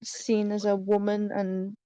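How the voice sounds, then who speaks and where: A woman's voice: medium pitch, completely flat delivery, takes it slowly, warm tone. A woman chatting casually among friends during a game stream, swearing freely. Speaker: player voicing parts. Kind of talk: casual gaming chat.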